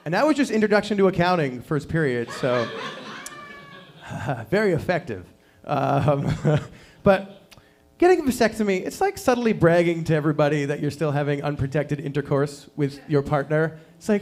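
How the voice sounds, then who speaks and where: Deadpan stand-up man, fairly high voice. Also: normal speed. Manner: deadpan, self-deprecating, acts out quotes with big jumps in pitch. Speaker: stand-up comedian. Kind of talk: stand-up set at an open mic. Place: small performance venue.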